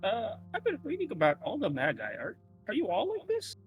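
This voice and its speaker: A man's voice: high voice, wildly swooping pitch, fairly quick, soft background music, poor audio. A man playing a cheeky apprentice at a tabletop game, playful and stammering. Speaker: player. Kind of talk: in-character tabletop role-play.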